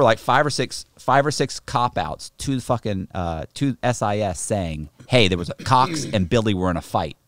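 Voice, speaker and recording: A man's voice: lowish voice, normal speed, no echo, studio quality. A middle-aged man, a podcast guest, telling a story in casual, profane talk and acting out the people in it. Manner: profane, animated, acts out the other people in his story.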